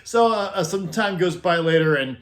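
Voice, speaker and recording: A middle-aged man telling a casual comedic anecdote about his work, chuckling often and acting out quoted lines in animated voices. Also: high voice, moderate pace. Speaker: storyteller recounting road crew tales.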